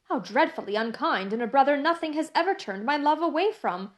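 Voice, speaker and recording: A woman's voice: high-pitched, lively intonation, brisk, voice pushed up. A woman reading the lines of a tearful, devoted Englishwoman in an audiobook, with emotional, pleading cries.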